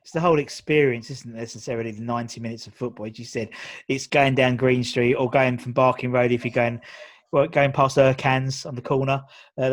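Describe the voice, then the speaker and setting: A man's voice: mid-range voice, no echo. A man in his thirties with a London accent, hosting a casual interview in a chatty, rambling way with lots of fillers. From England. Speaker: podcast host.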